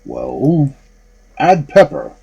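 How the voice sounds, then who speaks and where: A man voicing a huge, gruff, suspicious male ogre in a storybook reading. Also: mid-range voice, huge pitch swings, extremely slow, mellow, heavily acted.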